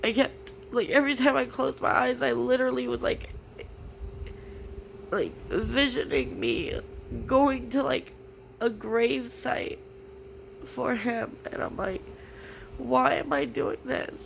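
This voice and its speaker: A young woman vlogging through tears, halting and grief-stricken, with many "like" fillers. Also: fairly high pitch, creaky, slight background noise, rough recording. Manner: halting, full of "like" fillers, grieving. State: tearful. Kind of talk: personal confessional vlog.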